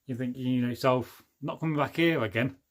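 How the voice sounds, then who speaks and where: A middle-aged man from England hosts a casual livestream, reading viewer comments with jokes, rambling asides and frequent laughter. His voice is mid-range and brisk.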